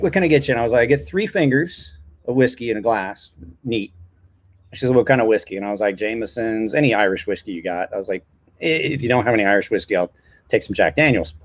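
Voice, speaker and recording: A man's voice: mid-range voice, animated, fast. A man in his forties chatting casually on a late-night live stream, telling rambling stories with a self-deprecating streak.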